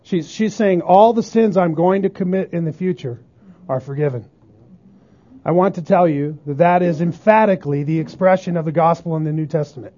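A pastor preaching a sermon emphatically, often asking the congregation whether they agree. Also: male voice, fairly high pitch, normal speed, mellow. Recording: dull lo-fi sermon recording.

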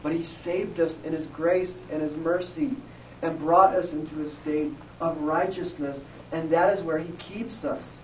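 A man teaching a Bible lesson to a group, slowly going over each word and checking in with "okay?" as he goes. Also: on the high side, steady tone, a little mellow, slight background noise. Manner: slow, repeats key words and checks in with "okay?". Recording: echoey, distant, dull room recording.

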